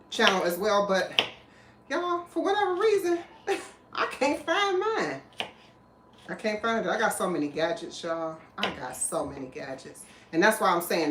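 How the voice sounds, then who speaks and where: A woman hosting a live cooking stream in her kitchen, chatting casually and rambling as she greets viewers and reads out their comments. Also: fairly low pitch. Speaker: cooking livestream host. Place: home kitchen. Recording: echoey room, faint background noise.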